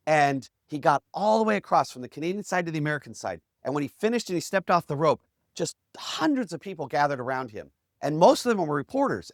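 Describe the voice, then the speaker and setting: Animated male podcast host, dry close mic. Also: fairly high pitch, dry recording. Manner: animated, acts out quotes in character voices. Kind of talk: motivational storytelling talk.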